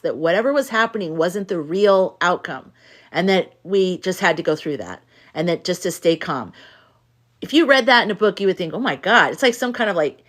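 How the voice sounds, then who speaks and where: A woman hosting a casual livestream from a room at home. She talks to her viewers, reads their chat aloud, rambles and swears freely. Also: mid-range voice. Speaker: livestream host. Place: home room with hanging lights.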